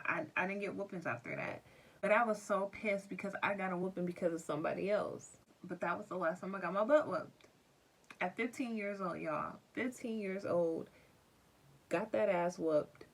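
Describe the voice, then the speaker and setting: Young woman telling a lively storytime. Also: fairly low pitch. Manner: animated storytelling with casual slang. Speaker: vlogger. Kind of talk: casual storytime vlog.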